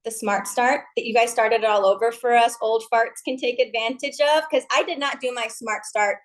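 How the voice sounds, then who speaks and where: High, gushing woman giving a pep talk. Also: fairly even intonation, normal speed, rough recording. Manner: gushing, pushy and chatty. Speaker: MLM team leader on a team call.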